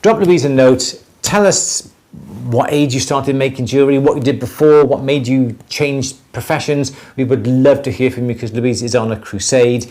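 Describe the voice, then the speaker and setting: On a casual jewellery livestream, a co-host with a mid-pitched, slightly mellow voice talks at a moderate pace. His speech rambles loosely, with frequent restarts and repeated words.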